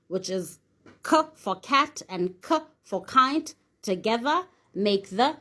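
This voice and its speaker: A woman's voice: mid-range voice, lively intonation, slow pace, bright, forceful tone. A woman teaching a phonics lesson, sounding out each letter and then saying the whole word. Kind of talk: slow, deliberate phonics lesson.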